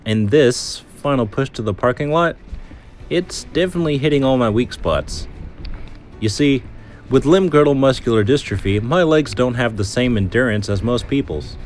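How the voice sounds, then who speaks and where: A man's voice: mid-range voice, moderate pace, slight background noise. A man hosting a hiking vlog outdoors, chatty and joking, out of breath as he narrates. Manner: chatty, joking, explains his muscles in plain terms. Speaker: vlog host. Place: outdoor park trail.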